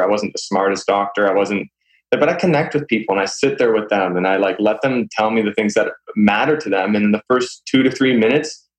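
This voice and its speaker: A man's voice: lowish voice, poor audio. A young adult man speaking as an interview guest, sincere and easygoing, often breaking into light chuckles. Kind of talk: casual interview chat.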